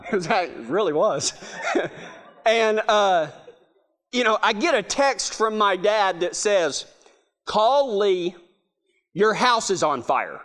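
A middle-aged man giving a humorous storytelling talk, laughing often as he goes. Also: high-pitched. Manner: laughing, animated storyteller with restarts. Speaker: speaker.

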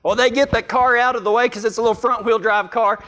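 A man's voice: very high-pitched, steady tone, fast talker, pushed and bright, a little hiss or hum. A middle-aged man, a preacher telling a folksy, self-mocking story to his listeners. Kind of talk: storytelling sermon.

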